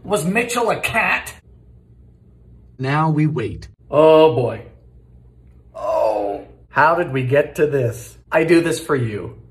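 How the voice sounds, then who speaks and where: A man cooking in his home kitchen, trading dry sarcastic quips with sudden shouted outbursts. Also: a little high, lively intonation, slow pace, long pauses, reverberant. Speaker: comedy cooking host. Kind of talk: quick comic cooking commentary.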